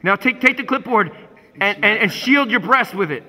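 A man's voice: sits high, animated, normal speed, bright, forceful tone, long reverb tail. A man directing actors on a film set, barking profane, mock-dramatic instructions. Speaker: music video director.

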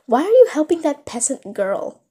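A snobby, sneering young noblewoman, put on by a woman reading a fan story. She talks down to everyone in a bossy tone with a somewhat high voice. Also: big pitch swings, normal speed, mellow.

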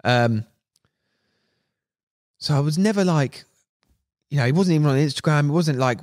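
A man's voice: mid-range voice, moderate pace, long pauses. A young man, a podcast guest, telling stories in casual slang and acting out what people said. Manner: animated, slangy, acts out quotes. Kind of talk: casual storytelling.

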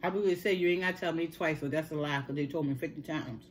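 A woman's voice: deep voice, fast talker, a little hiss or hum. Chatty middle-aged woman telling her story. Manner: chatty, earnest storytelling, addresses viewers as y'all. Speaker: mukbang vlogger. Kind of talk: casual chat to viewers.

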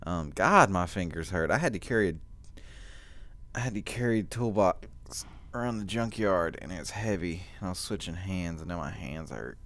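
Teen boy, gaming commentary, deep low voice, hiccuping, groaning, complaining. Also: expressive, moderate pace, fairly bright tone. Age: teens. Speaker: gaming channel host. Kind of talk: casual gameplay commentary.

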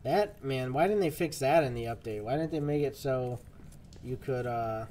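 A man's voice: medium pitch, moderate pace, mellow, a little hiss or hum. A man streaming a game, chatting casually and rambling to his viewers as he plays. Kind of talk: casual gameplay commentary.

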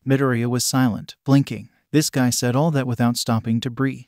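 A man reading fanfiction aloud in an even, plain way. His voice sits at an ordinary middle pitch for a man. It is recorded close and dry, with no room sound around it. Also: normal speed, hardly any pauses, no room sound. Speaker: narrator.

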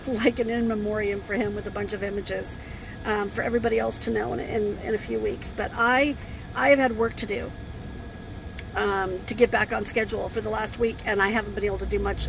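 Grieving woman with a gravelly voice. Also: fairly high pitch, steady tone, background noise. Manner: halting, with many pauses and fillers. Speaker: RV vlogger. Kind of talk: casual talk to camera. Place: inside an RV.

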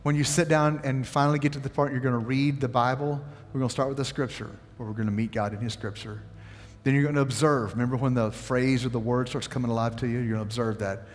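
Talking fast with hardly any pauses, a medium-pitched pastor preaches to his congregation in a large church sanctuary. He tells a story with animation and keeps asking the audience questions.

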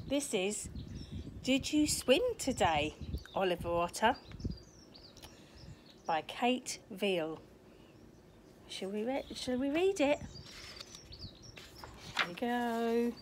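An older woman reads a picture book aloud to young children in a sunny garden, chatty and sing-song, turning to ask them questions. Her voice sits somewhat high and swoops widely, with faint birdsong behind her. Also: expressive, takes it slowly, long pauses, darkish tone, a little hiss or hum. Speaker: storyteller, grandmother persona. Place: garden outdoors in sunshine.

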